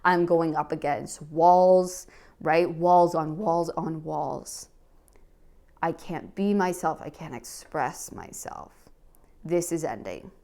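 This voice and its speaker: Slow-talking woman tarot reader. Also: deep voice, gravelly. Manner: animated and encouraging, with frequent laughs and "okay?" check-ins. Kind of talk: tarot card reading to camera.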